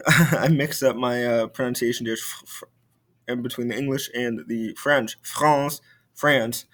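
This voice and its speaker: Speaking in a mid-range voice, a young French teacher delivers a recorded video lesson. He's relaxed, often using fillers and starting sentences over.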